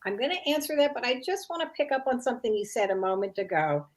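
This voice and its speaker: A woman's voice: fairly high pitch, quick pace. A middle-aged woman answering an interview question as an expert guest. She talks in a thoughtful, conversational way, acting out parents' lines as examples and often saying "you know" and "like.".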